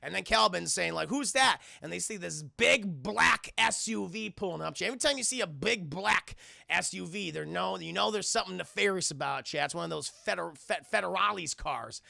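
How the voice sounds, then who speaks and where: A man's voice: high voice, brisk, vocal fry, pushed and bright, dry recording, studio quality. A man streaming a film recap to his chat, acting out the characters' lines in between, with laughter and swearing. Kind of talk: animated scene-by-scene retelling to chat.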